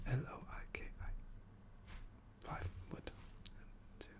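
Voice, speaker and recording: A man voicing a male trickster god turned weary file clerk, in soft, wry whispered role-play. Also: takes it slowly. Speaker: ASMR performer.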